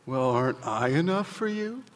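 A man's voice: mid-range voice, lively intonation, moderate pace, big-room sound, close to an everyday voice. A man voicing a self-pitying ancient husband, muttering in a mopey, whiny way.

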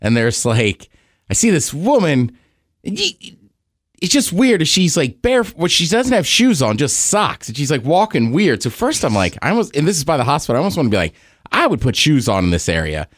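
A man's voice: fairly high pitch, normal speed, no echo, studio quality. A middle-aged man co-hosting a podcast, telling stories in casual chat and laughing often. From living in Seattle. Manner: animated storyteller, laughs often. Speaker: podcast co-host.

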